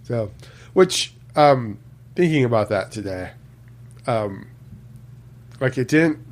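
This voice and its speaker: Slow, unhurried man in casual chat. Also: medium pitch, expressive. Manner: unhurried, loose, lots of ums and uhs. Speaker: podcast co-host.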